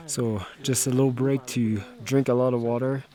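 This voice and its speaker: A man vlogging outdoors high on a mountain, out of breath and cheering his group on. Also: flat delivery, normal speed, dark tone, a little hiss or hum. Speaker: travel vlogger. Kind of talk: casual on-camera vlog commentary. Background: music.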